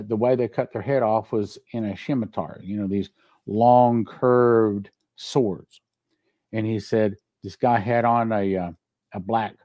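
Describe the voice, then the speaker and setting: A man's voice: on the low side, mellow, no echo. A male pastor delivering a sermon, telling stories earnestly and reading scripture aloud. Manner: earnest storytelling preacher, reads scripture aloud.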